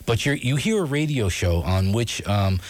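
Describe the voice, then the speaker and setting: A man's voice: medium pitch, expressive, normal speed. A man hosting a radio interview, prompting his guest in a casual, conversational way. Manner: prompting, conversational, backchannels a lot. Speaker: radio host.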